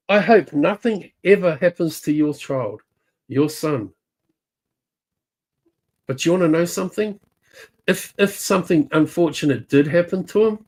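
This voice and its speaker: A woman's voice: low-pitched, darkish tone, slightly rough. A woman with a New Zealand accent ranting angrily in a live chat, swearing nonstop and calling out people by name. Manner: heated, swearing constantly, jabbing at named people. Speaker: livestream chatter. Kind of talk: angry profane rant.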